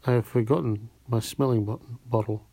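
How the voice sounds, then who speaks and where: A man voicing a calm, insinuating count as he reads a novel aloud. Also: mid-range voice, moderate pace, slightly rough, dry recording.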